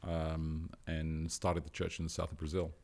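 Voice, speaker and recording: A man's voice: a bass voice, monotone, moderate pace, vocal fry, darkish tone. A man from southeast London with an English accent, a pastor chatting as a podcast guest in a playful way and laughing often. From England, southeast London. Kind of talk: casual conversation.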